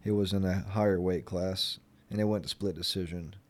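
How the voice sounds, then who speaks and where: A man's voice: deep voice, steady tone, moderate pace. A young man from Florida in a casual vlog chat, rambling and sarcastic, full of fillers. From Florida, United States. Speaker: vlogger.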